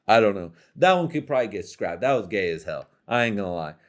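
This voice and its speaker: A man's voice: lowish voice, sing-song, fast. A man casually rambling through stand-up jokes he is trying out, loose and profane. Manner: rambling, profane, laid-back. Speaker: comedian.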